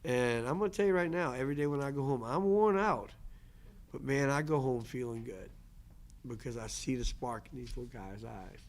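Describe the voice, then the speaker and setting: A language teacher with a medium-pitched voice speaks at a moderate pace, answering questions in a casual lecture. He's earnest, often restarting and repeating himself.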